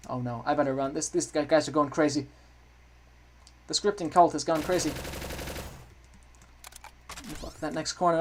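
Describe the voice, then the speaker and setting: Guy doing let's play commentary, kinda high voice, chatty, trips over his words and gets all excited. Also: brisk. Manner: chatty, self-correcting, excitable. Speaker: gaming video creator.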